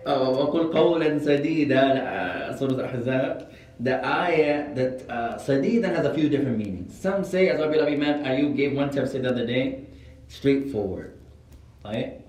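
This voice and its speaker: Here the same kind of informal class is led by an Arabic and Islamic studies teacher who mixes Arabic and English while telling stories. He speaks quickly at a medium pitch, with lively intonation and a slightly mellow quality. The sound comes from far off in an echoey classroom.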